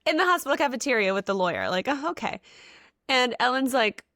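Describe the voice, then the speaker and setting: A woman co-hosting a casual book podcast, recapping scenes in an animated, giggly way. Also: fairly high pitch, fast talker, dry recording, clean studio sound. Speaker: podcast co-host.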